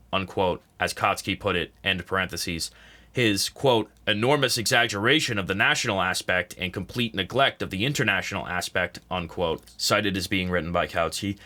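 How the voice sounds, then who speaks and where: A man reading a political text aloud as an audiobook, saying the quote marks and parentheses out loud. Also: lowish voice. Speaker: audiobook reader. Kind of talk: read-aloud nonfiction narration.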